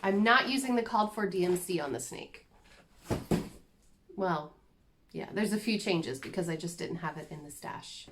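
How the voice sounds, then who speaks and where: A woman's voice: on the low side, normal speed, pauses often, noisy background. A woman chatting casually and self-deprecatingly as she shows her cross-stitch projects to the camera. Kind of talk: casual show-and-tell chat.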